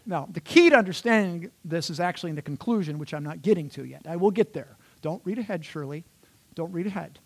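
A male pastor preaching a sermon, conversational and animated, talking straight to the congregation and slipping into playful voices. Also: a little high, fast. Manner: conversational, addresses the congregation directly.

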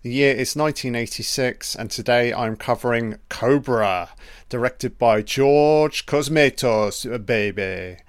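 A man hosting a casual film commentary, reacting excitably and swearing freely as the film plays. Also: medium pitch, slow, dry recording, studio quality. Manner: profane, excitable running reactions.

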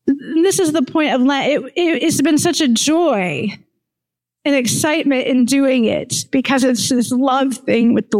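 A woman pastor delivers a sermon in a high voice. She talks casually and personally, often breaking into laughter. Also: poor audio. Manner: warm, laughing often, conversational.

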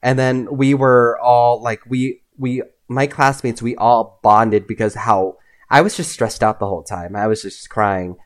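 A young man, a podcast guest, telling personal stories in a casual, animated way, often acting out what others said. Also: medium pitch, measured pace. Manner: animated, acts out voices in his anecdotes. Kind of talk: casual storytelling.

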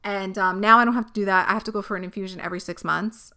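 A woman's voice: mid-range voice, steady tone, rapid-fire, pushed and bright, clean tone. A young woman hosting a podcast, talking candidly and at length in a rambling, casual way, with frequent swearing. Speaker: podcast host. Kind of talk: personal monologue.

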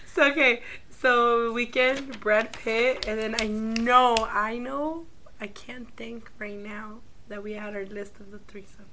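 A woman's voice: a little high, steady tone, takes it slowly, bright, forceful tone. A woman co-hosting a casual podcast chat, scattered and hesitant, swearing as she thinks aloud. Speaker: podcast co-host. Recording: harsh mic, faint room noise.

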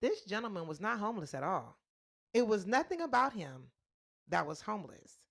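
A woman's voice: moderate pace, creaky. A woman hosting a casual talk show, telling a story and acting out the people in it. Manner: animated, acts out quoted voices in a higher pitch. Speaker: podcast host.

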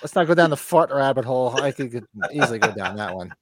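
A man co-hosting a podcast in casual chat, telling stories in an animated way. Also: medium pitch, quick pace, a crowd in the background. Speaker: podcast co-host.

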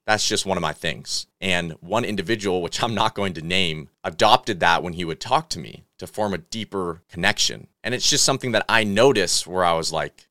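A man's voice: sits low, a little fast, few pauses, sharp tone, no echo, studio quality. A man hosting a solo podcast, talking in an earnest, coaching tone. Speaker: podcast host.

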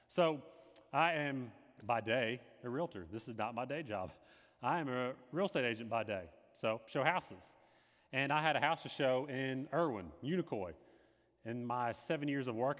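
A man giving an earnest personal testimony in sermon style, repeating phrases and moving between hushed and emphatic delivery. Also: medium pitch. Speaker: lay speaker giving a testimony. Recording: long reverb of a hall.

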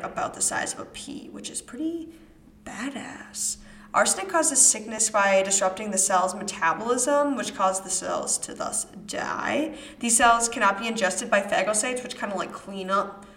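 A young woman with a Midwestern American accent talks in a chatty, offhand way, full of "like" fillers and quick asides. Her voice sits at a middle pitch for a woman, and the recording has a noticeably roomy echo. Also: fairly bright tone. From Wisconsin. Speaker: podcast host. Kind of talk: casual true-crime podcast talk.

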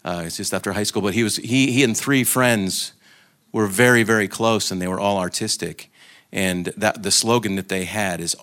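A man's voice: lowish voice, normal speed, a bit bright. A man giving an informal talk to a group, telling anecdotes and joking, with frequent restarts. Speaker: guest speaker.

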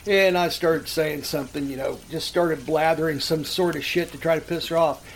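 High-voiced rambling man telling crude stories. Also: fairly even intonation, moderate pace, slight background noise, poor audio. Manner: rambling, crude, laughs through his stories. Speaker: podcast host. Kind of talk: casual profane storytelling.

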